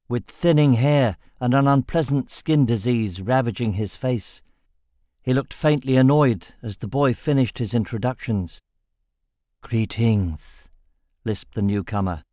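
A man reads an audiobook as scripted narration, keeping a steady, measured pace in a mid-range voice. The recording is studio quality with no room sound.

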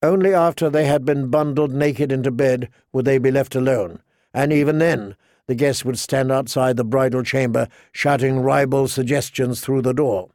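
A man narrating a fantasy novel in an audiobook with measured, even storytelling. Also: mid-range voice, dry recording, studio quality.

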